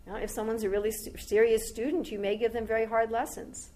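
A woman's voice: on the high side, flat delivery, a little fast, warm tone, poor audio. A woman giving a devotional talk as a spiritual teacher, telling a long story in a rambling, conversational way with asides to her listeners.

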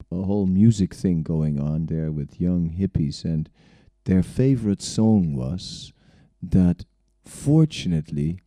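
Very low, dark-voiced man telling stories. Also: no echo. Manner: rambling, chuckling, sprinkled with "right?" and "um". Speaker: speaker recounting his spiritual journey. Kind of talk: storytelling talk.

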